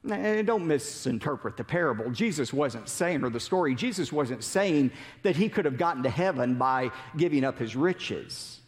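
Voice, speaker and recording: A man preaching a sermon as an animated storyteller who asks rhetorical questions. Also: fairly high pitch, normal speed, hardly any pauses, long reverb tail. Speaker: pastor.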